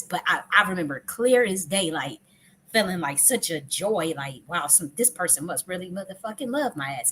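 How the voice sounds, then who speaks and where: On her live stream, a woman with a lowish, somewhat bright voice shares a personal story, emotional and profane, frequently starting sentences over and repeating herself, with faint background noise.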